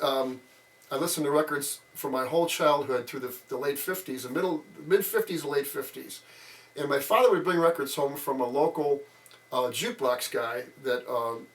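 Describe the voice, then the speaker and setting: A man in his sixties recounts childhood stories in a casual interview, rambling, using many fillers and acting out quotes. His voice is fairly high and a bit bright, and he sits a bit far from the mic.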